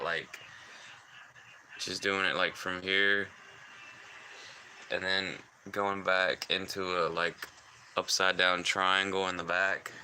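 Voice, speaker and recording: A man livestreaming alone in casual, rambling chat, talking in heavy vocal fry while he fixes his hair. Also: low voice, pushed and bright, a little hiss or hum, poor audio. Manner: rambling, offhand, musing aloud. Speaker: live streamer.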